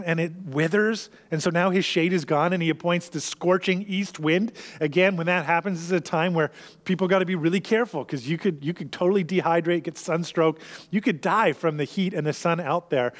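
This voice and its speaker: A slightly higher-voiced man preaching a sermon in an earnest, conversational way. His voice carries through a long-reverb church hall as he unpacks the story and presses its lesson on his listeners. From Canada. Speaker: pastor.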